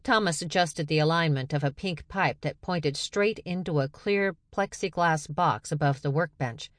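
A woman narrating a science fiction story in a steady, measured way. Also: low-pitched, no room sound, clean studio sound. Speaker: audiobook narrator. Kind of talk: scripted narration.

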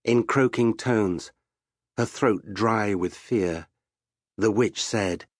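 A man narrating a fantasy story for an audiobook in a slow, measured storytelling voice. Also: lowish voice, husky, no echo, studio quality.

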